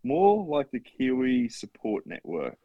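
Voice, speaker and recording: A man's voice: mid-range voice, huge pitch swings, unhurried, dry recording, phone-quality sound. An Australian man co-hosting a podcast, bantering bluntly with swearing and trailing ums. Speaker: podcast co-host. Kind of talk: casual chat.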